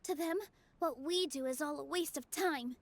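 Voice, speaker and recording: A woman voicing a gentle, earnest young dancer in a game, speaking softly. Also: sits high, normal speed, dry recording. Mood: hurt. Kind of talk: game voice acting.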